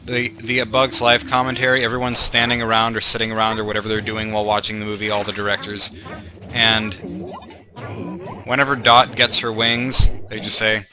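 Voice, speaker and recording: A man's voice: fairly low pitch, level tone, a little fast. A young man giving meandering, self-deprecating commentary over gameplay, full of fillers and tangents. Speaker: let's play commentator. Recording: game music playing behind. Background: game music.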